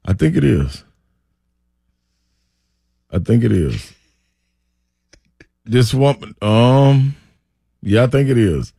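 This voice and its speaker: A man's voice: medium pitch, sing-song, slow pace, vocal fry, long pauses, warm tone, breathy edge, dry recording. A man, co-hosting sports radio in colloquial, laughing banter at a studio microphone.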